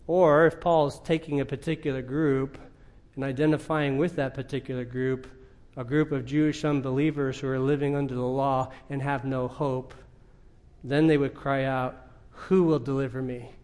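A man preaching a sermon, with emphatic, deliberate phrasing and pointed rhetorical questions. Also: medium pitch, little pitch movement, a little mellow.

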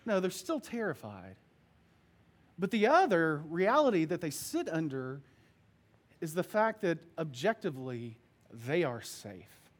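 A male pastor preaching a sermon, reading scripture and telling stories in an earnest, expressive way. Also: on the high side, unhurried.

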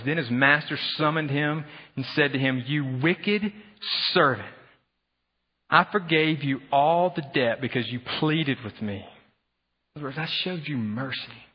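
A man preaching a sermon as pastor, animated, acting out the voices of his listeners. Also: mid-range voice, normal speed, breathy edge. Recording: dull sound with long hall reverb.

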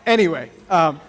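A man preaching a sermon as pastor, talking conversationally and swinging between loud emphasis and quiet moments. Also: fairly high pitch, vocal fry. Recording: long hall reverb with faint music.

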